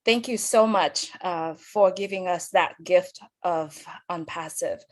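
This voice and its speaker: A woman moderating an online webinar, giving polite, halting instructions and thanking people often over a video call. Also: on the low side. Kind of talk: hosting an online meeting.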